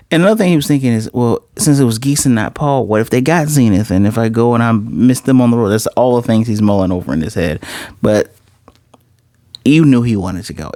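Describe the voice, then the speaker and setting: A man casually recapping and reviewing an anime episode, animated, slipping into quoted dialogue as he retells scenes. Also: fairly low pitch, dry recording, clean studio sound.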